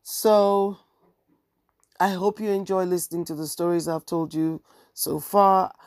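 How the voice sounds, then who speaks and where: Low, gravelly-voiced woman podcaster. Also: steady tone, unhurried, a little mellow, no echo, studio quality. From African heritage. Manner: candid, ranting, wry. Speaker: podcast host and bookseller. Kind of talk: podcast monologue.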